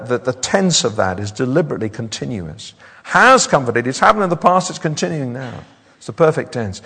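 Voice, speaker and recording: A man preaches with a lively, swooping delivery and a slightly high, gravelly voice. His words ring out with a long reverb, like a church hall. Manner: animated, repeats words when building up. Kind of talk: sermon.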